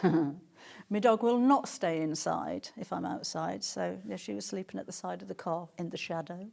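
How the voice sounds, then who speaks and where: A middle-aged woman presenting on a live shopping stream. She chats warmly about the fabric and reads out viewer comments as she goes. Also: mid-range voice, vocal fry.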